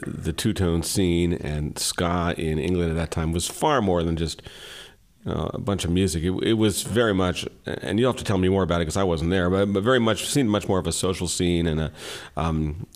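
A man, a radio DJ interviewing a musician in a chatty, halting way. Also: low-pitched. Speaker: radio DJ host.

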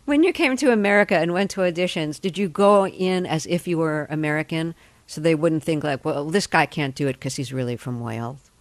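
A woman interviewing an actor, asking measured, precise questions. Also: low voice, dry recording.

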